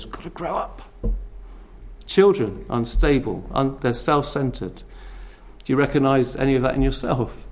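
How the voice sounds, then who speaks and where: A man with a mid-range voice preaches a sermon in a conversational, animated way, filling it with rhetorical questions.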